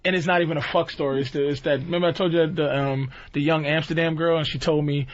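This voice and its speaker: A man's voice: on the high side, fairly even intonation, fast talker, no echo. A man joking on a radio talk show, telling crude stories and acting out the voices of people in them. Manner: storytelling, acts out voices of women he met. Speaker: comedian guest. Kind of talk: casual crude radio banter. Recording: dull radio broadcast sound.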